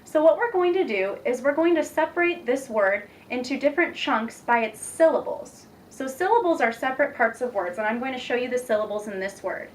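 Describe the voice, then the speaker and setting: A young woman teacher demonstrating a reading lesson, patient and encouraging, speaking slowly and clearly. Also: high-pitched, animated. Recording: distant mic with faint background noise.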